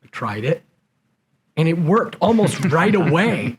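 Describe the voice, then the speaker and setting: A man with a fairly high speaking voice tells stories from his military leadership days. He is animated and slips into the voices of the people he quotes. The tone is relaxed conversation in a podcast interview. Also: a little slow, breathy edge, rough recording. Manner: animated storyteller who acts out quoted dialogue. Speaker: podcast guest and former SEAL leader. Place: conference venue.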